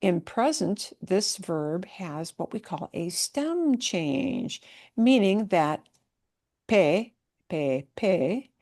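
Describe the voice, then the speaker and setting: A woman's voice: medium pitch, big pitch swings, extremely slow, a little mellow. A woman teaching a Spanish class, who explains patiently, repeats words with the stress on the right syllable and keeps checking in with "yeah?" and "okay?". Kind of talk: online language class.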